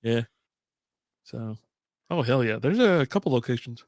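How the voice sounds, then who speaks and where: A man's voice: medium pitch, lively intonation, measured pace, darkish tone, dry recording, studio quality. A man co-hosting a podcast, bantering loosely over beers, laughing often and swearing freely. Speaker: podcast co-host. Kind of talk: casual chat over beers.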